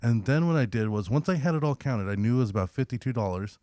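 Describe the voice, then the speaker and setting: A man's voice: medium pitch, fast, dry recording. A young man's mid-range voice spins a casual, profane story and slips into voices for the people in it. The sound is dry and close, with no room around it. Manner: profane, animated storyteller who acts out quotes. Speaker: podcast co-host.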